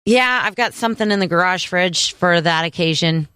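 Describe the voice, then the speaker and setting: Female radio co-host, slightly low voice, wry and laid-back, dry studio sound. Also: normal speed, smooth, dry recording. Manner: relaxed, wry, short replies. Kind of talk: casual banter.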